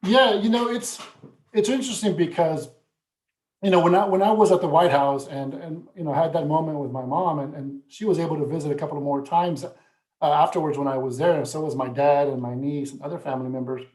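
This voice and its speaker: A man's voice: fairly high pitch, steady tone, fairly quick, darkish tone, roomy sound, low-quality recording. A man speaking as a guest in an interview, earnest and reflective, at times close to emotion. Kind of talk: conversational interview answers.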